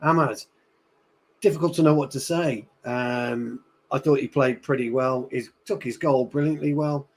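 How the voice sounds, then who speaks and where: A man giving blunt football opinions in a casual podcast chat. His voice sits at a mid pitch, and he sounds buzzing while swearing freely. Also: steady tone, normal speed. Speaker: podcast panelist. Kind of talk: casual match-reaction chat.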